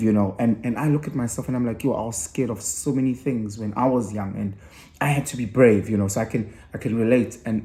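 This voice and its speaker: A man's voice: fairly low pitch, dark tone, echoey room. A middle-aged man, talking earnestly and reflectively about raising his sons, often restarting his sentences. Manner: earnest, rambling with restarts and code-switching. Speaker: father sharing reflections. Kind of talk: reflective personal talk.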